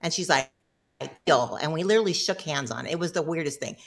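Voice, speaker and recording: A woman's voice: low-pitched, expressive, racing. A middle-aged woman telling a personal story as a guest in casual conversation, chatty and self-deprecating, laughing often.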